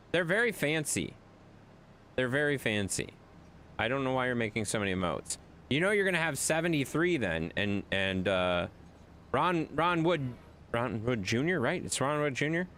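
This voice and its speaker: A man, animated, rambling streamer. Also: mid-range voice, slight background noise. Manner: rambling, animated storyteller addressing chat. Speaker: gaming streamer. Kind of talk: casual live-stream chat.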